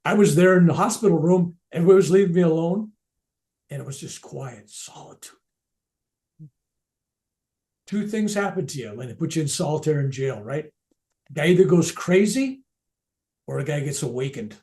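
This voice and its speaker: An older reverend, speaking at a veterans event, tells the audience a personal spiritual story in an earnest, reflective way. His voice is fairly high and animated, with a quick pace and a dark tone.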